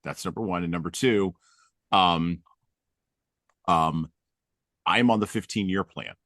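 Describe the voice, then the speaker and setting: Very deep-voiced man telling stories. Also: measured pace, fairly bright tone, dry recording, studio quality. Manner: humorous storytelling. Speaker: podcast host. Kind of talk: casual conversation.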